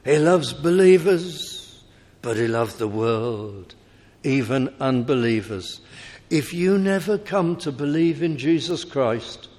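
Slow, emphatic preacher in a reverberant hall. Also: male voice, medium pitch, lively intonation, a little mellow. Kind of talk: sermon.

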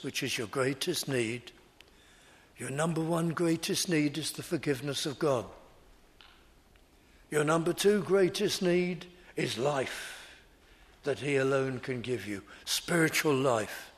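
A man preaching a sermon in slow, deliberate, repetitive phrases. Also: a little high.

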